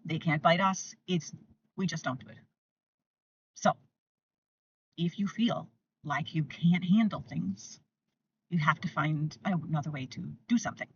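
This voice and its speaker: An older woman hosting parenting advice to camera, emphatic and repetitive, sometimes acting out gentle lines she would say to a toddler. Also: fairly low pitch, far from the mic, muffled recording, slight background noise.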